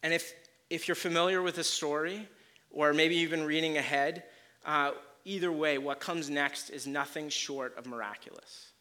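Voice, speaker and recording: A man preaches a sermon, retelling a story with lots of energy and acting out its quotes. His voice is bright and forward, pitched a little high for a man, and it keeps rising and falling in loudness as he presses his points. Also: normal speed. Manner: animated storytelling, acts out quotes with swings in loudness.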